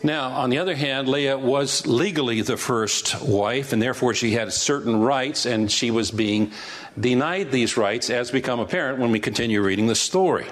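A man's voice: medium pitch, moderate pace. A male pastor teaching through Bible passages verse by verse, conversational and asking rhetorical questions.

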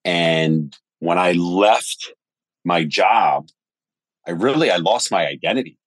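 Low-voiced storytelling man. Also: takes it slowly, dry recording. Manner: animated storyteller, swears casually. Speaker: podcast guest. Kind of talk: casual conversation.

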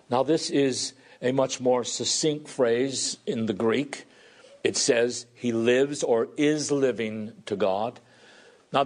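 A man preaching a sermon with dramatic swings between loud emphatic peaks and hushed low passages.

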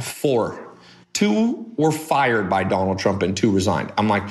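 A man hosting a podcast, talking in a blunt, rambling casual monologue with animated asides. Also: medium pitch, measured pace, echoey room, a little hiss or hum. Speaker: podcast host.

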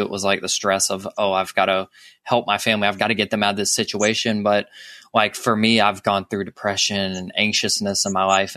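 A man's voice: on the low side, bright, forceful tone, no echo. A man hosting an interview, asking reflective and supportive questions. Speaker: interview host. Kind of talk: interview conversation.

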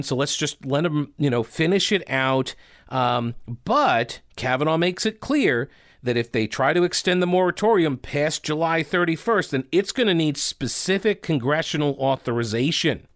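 A man's voice: medium pitch, no room sound. Talk host, male, argumentative, rhetorical, dry close studio sound. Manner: argumentative, rhetorical questions, frequent fillers. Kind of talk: opinionated political commentary.

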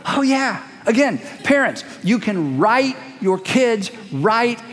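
A man preaching a sermon as pastor, animated and emphatic, acting out the voices he quotes. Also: high-pitched, slow pace. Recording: long hall reverb.

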